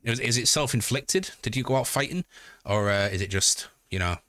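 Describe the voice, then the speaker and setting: A man from Hull in Yorkshire, England, with a Yorkshire accent, chats casually on a live stream, reading out chat messages while joking and swearing. His voice sits mid-range, his pace is moderate, and his tone is sharp. The studio recording is clean with no echo.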